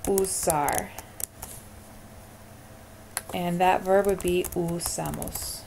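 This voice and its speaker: A woman's voice: lowish voice, steady tone, takes it slowly, pauses often, darkish tone, slight background noise. A woman teaching Spanish verb endings in a screencast lesson, encouraging and talking her students through each answer as she types. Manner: encouraging, talks through typing.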